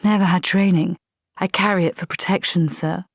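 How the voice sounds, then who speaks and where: A woman voicing a calm, polite male vampire recruit who speaks patiently and matter-of-factly in a storybook reading. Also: on the low side, normal speed, dry recording, clean studio sound.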